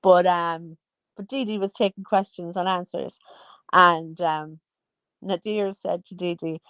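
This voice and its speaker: A woman's voice: lowish voice, steady tone, unhurried, a bit bright, smooth, dry recording. A woman in her forties giving casual, teasing gossip commentary as a vlogger. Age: 40s. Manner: chatty, teasing, sing-song asides.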